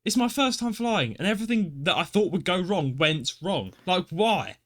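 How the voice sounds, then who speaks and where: Animated young man telling a story. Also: high voice, normal speed. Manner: animated, self-deprecating, acts out his own reactions. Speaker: podcast co-host. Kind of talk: casual storytelling.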